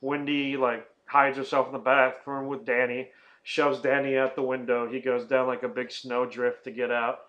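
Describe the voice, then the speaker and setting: A man's voice: mid-range voice, level tone, normal speed, muffled recording. A man hosting a casual movie-review podcast, rambling and swearing, often laughing and acting out silly quotes. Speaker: podcast host.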